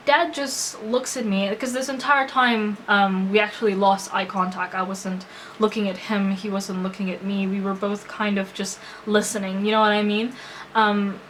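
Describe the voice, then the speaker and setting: A young woman vlogger shares a personal story with her audience, earnest and emotional, full of hesitations and restarts. Her medium-pitched, fairly bright voice is fairly even in intonation at a normal speed, on a low-quality recording with a little hiss or hum.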